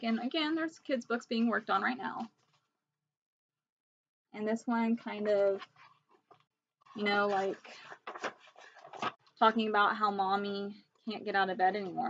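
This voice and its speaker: A woman's voice: mid-range voice, fairly bright tone, highs cut off. Earnest, pleading young woman vlogging. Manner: pleading, emphatic, emotional. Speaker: vlogger sharing pregnancy illness resources. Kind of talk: earnest direct-to-camera vlog talk.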